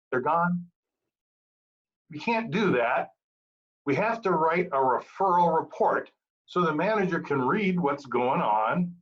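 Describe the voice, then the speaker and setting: A man giving a prepared, humorous club speech with an animated storytelling delivery. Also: fairly high pitch, lo-fi sound. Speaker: Toastmasters speaker.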